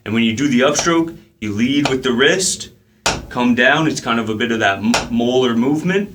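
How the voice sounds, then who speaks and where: A man teaching a drum lesson in a relaxed way, counting the beats out loud as he plays. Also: medium pitch, brisk, slight background noise. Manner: counts beats aloud while playing, casual with fillers. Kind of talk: relaxed instructional talk.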